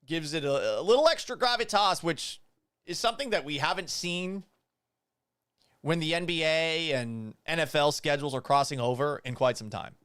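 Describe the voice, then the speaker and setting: A man in his thirties hosting a casual sports talk show, animated and blunt, often swearing. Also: fairly high pitch, normal speed, smooth, dry recording. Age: 30s.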